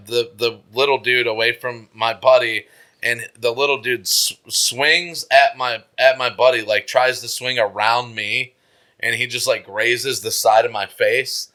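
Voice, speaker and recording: A man's voice: mid-range voice, pushed and bright. A young man on a podcast, telling a rambling, profane story with filler words and laughs. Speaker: podcast co-host. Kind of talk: casual storytelling chat.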